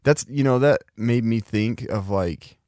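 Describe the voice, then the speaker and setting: A man co-hosting a podcast in casual chat, talking in quick bursts and often saying "like" and "you know". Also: medium pitch, warm tone, no room sound, clean studio sound. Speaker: podcast co-host.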